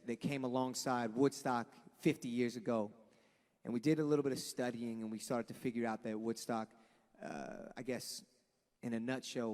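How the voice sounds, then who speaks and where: A man's voice: medium pitch, darkish tone. Earnest rallying man, long echoing reverb. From Los Angeles. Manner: earnest, rambling, profane, rallying. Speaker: band frontman addressing a crowd. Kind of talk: impassioned speech to a live crowd.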